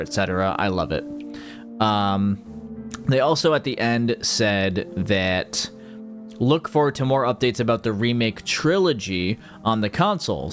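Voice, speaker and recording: A man streaming casually, rambling and joking about games and mocking himself. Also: lowish voice. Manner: rambling, jokey, self-mocking. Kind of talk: casual livestream chat.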